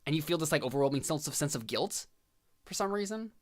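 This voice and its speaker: A man narrating a tabletop role-playing game as game master, with many pauses and fillers. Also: fairly high pitch, lively intonation.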